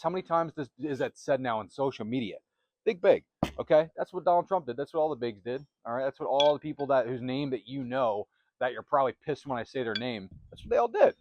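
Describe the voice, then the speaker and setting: A man's voice: medium pitch, a little hiss or hum. A man hosting a self-help channel, giving a motivational talk to camera in emphatic, repetitive, punchy phrases on a close microphone.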